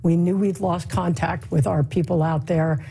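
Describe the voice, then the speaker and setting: A woman TV news anchor speaking haltingly, with a husky voice. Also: lowish voice, steady tone, warm tone, slight background noise, poor audio. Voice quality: husky, gravelly. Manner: halting, hesitant.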